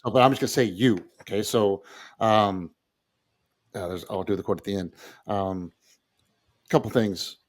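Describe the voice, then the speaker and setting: A man co-hosting a podcast, speaking in a relaxed, casual way and working from his own handwritten notes. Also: fairly low pitch, moderate pace, pauses often. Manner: relaxed, works from handwritten notes, short affirmations. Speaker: podcast co-host. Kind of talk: casual conversational podcast talk.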